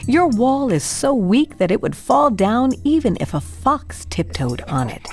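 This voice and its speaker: A woman's voice: a little high, very animated, measured pace, darkish tone, soft background music, pitched above the performer's own voice. A woman voicing a mocking male enemy who giggles and taunts in a children's Bible story.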